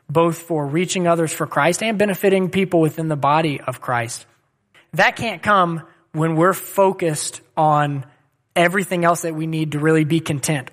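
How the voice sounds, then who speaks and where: High, bright-voiced young male pastor. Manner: conversational, earnest preaching with personal stories. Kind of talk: sermon.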